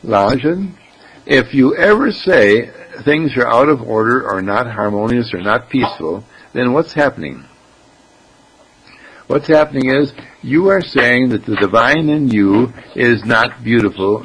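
A man speaking as a spiritual teacher in a relaxed, conversational way, with lots of rhetorical questions and asides. His voice is gravelly and a little husky, sitting at a middle pitch for a man. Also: poor audio. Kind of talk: informal spiritual talk.

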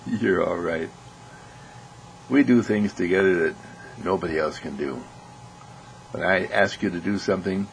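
A man acting out a horse trainer quietly and tenderly reassuring his horse. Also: low voice, vocal fry, a little hiss or hum, exaggerated voice, rough recording. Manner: soothing, tender, hushed. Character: calm, loving horse trainer talking to his horse.

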